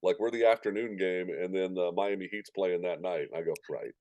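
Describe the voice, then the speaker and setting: Deep-voiced man telling lively anecdotes. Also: fairly quick, dry recording. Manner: animated anecdotes, acting out quoted voices. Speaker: stadium announcer, guest. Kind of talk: casual interview storytelling.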